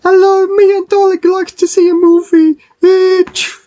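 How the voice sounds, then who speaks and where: A shrill squeaky gushing pal. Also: male voice, level tone, measured pace, mellow. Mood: eager.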